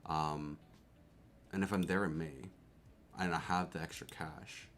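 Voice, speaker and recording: A young man from Canada chatting casually on a live stream, excitable, laughing often and repeating his words. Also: a bass voice, a little slow, slight background noise. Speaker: keyboard streamer.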